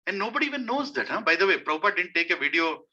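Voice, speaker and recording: A man's voice: sits high, sing-song, very fast, pushed and bright, dull audio. A man with an Indian accent giving a devotional sermon, emphatic and repeating his key phrases. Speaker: preacher.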